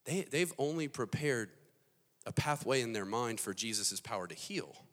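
Male pastor, animated and emphatic sermon, bright, forceful voice, long hall reverb. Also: mid-range voice, normal speed. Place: large hall.

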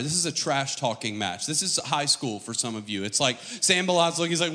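A pastor with an American accent preaching a sermon, mixing jokes with dramatic scripture reading. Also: male voice, mid-range voice, expressive, fairly quick, few pauses, bright, forceful tone, long reverb tail. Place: church stage with long reverb.

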